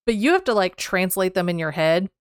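A woman's voice: fairly low pitch, expressive, brisk, clean tone, no echo, studio quality. A woman co-hosting a podcast, chatting casually about writing, laughing often as she goes over text. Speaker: podcast co-host.

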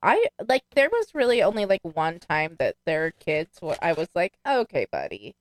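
A woman's voice: fairly low pitch, sing-song, normal speed, no echo. A woman co-hosting a podcast in casual chat, full of fillers and casual swearing. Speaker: podcast co-host.

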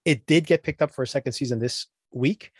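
A man hosting a podcast, ranting about a TV show in animated casual chat and mimicking characters in quick asides. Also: medium pitch, husky, dry recording, studio quality. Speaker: podcast host.

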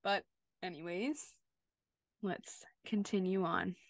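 A woman's voice: fairly low pitch, fairly even intonation, takes it slowly, creaky, no echo, studio quality. A young woman co-hosting a podcast, chatting casually and giggling, with lots of filler words. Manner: giggly, lots of "like" and "you know". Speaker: podcast co-host. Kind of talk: casual chat.

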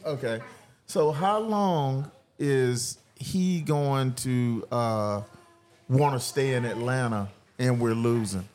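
A man's voice: mid-range voice, darkish tone. A man hosting a sports podcast at a car show, chatting casually and laughing often. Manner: laid-back, laughs often, drawn-out fillers. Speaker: podcast host.

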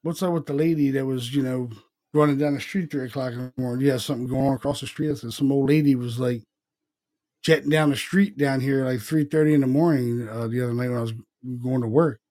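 A man's voice: mid-range voice, steady tone, quick pace, a little mellow. A middle-aged man co-hosting a podcast, telling a rambling ghost story in casual chat and acting out the dialogue. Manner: rambling, profane, retells dialogue in quotes. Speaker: podcast co-host.

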